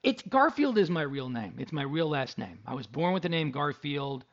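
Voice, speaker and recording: A middle-aged man hosts a radio talk show, telling stories in a chatty, joking way. His voice sits high and has a gravelly rasp. The recording sounds a little dull and lo-fi. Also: sing-song, moderate pace. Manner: chatty, jokey storyteller. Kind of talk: casual radio talk and ad read.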